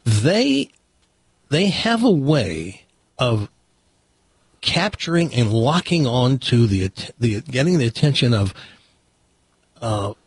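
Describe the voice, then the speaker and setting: A man from the American South with a Southern accent, hosting a talk radio show and telling stories in a lively, stammering way. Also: medium pitch, takes it slowly, pauses often, slightly rough, no echo. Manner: animated storyteller, restarts and stammers. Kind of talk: casual talk radio chat.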